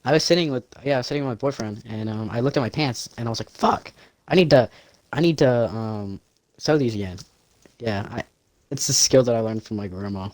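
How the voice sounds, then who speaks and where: Male podcast co-host, medium pitch, rambling and crude, dry recording. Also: fairly quick, darkish tone, no echo. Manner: rambling, swears often, laughs a lot. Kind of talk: casual chat.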